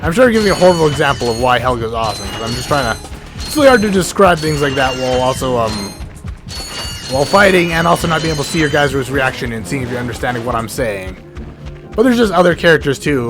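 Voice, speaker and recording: A man giving rambling, excitable gameplay commentary as the host of a let's play, often cutting himself off mid-thought and swearing casually. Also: mid-range voice, fast. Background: game music and sound effects.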